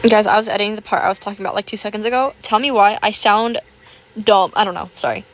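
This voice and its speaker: A young woman in her teens chatting casually, rambling with lots of fillers and a self-conscious, apologetic manner; her voice sounds a little rough. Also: medium pitch, fast. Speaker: YouTuber. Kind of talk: casual chat over gameplay.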